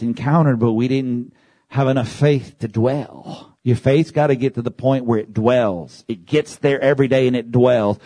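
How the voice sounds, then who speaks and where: Husky-voiced male preacher, dry sound. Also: dry recording. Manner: builds from calm to loud, high-pitched shouting. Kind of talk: sermon.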